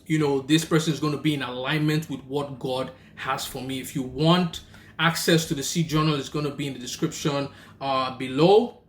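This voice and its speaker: A young Nigerian man with a Nigerian accent, telling a personal story and giving faith-based marriage advice in a lively, casual way. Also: mid-range voice, moderate pace, roomy sound. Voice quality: animated, acts out the people in his story. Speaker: vlogger and rideshare driver.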